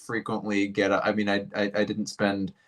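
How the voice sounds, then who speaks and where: A man who once ran for office, talking as a guest in a thoughtful, halting way with frequent restarts. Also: fairly low pitch, monotone. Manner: reflective, halting, with many restarts. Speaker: guest, former political candidate. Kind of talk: casual conversation.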